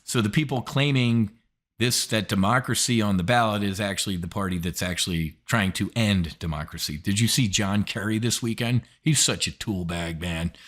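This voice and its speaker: A man's voice: sits low, a bit bright. Blunt, profane male market commentator. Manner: blunt, profane and emphatic, with sarcastic asides.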